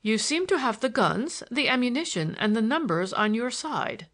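A woman's voice: on the high side, very animated, moderate pace, fairly bright tone, pitched above the performer's own voice, heavily acted. A woman reading an audiobook, voicing a stern, impatient male estate executor with a curt, indignant manner.

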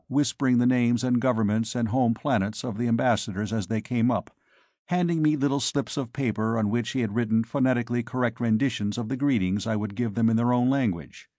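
A man narrating a story in the first person with a measured, wry delivery. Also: mid-range voice, darkish tone, dry recording. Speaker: audiobook narrator.

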